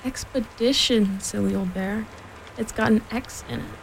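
A woman's voice: mid-range voice, fairly even intonation, normal speed, creaky, a little mellow, a little hiss or hum, close to an everyday voice, poor audio. A woman voicing a young boy in a storybook reading, confident and explaining.

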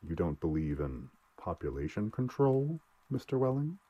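Man voicing a calm lecturing old doctor. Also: sits low, breathy edge, dull audio. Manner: measured, lecturing. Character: composed elderly male doctor, lecturing, self-assured.

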